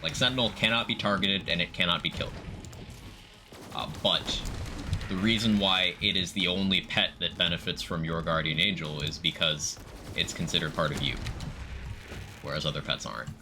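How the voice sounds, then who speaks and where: A man's voice: low voice, normal speed. A man streaming live, casually explaining game mechanics in detail while greeting viewers in chat. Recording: background noise.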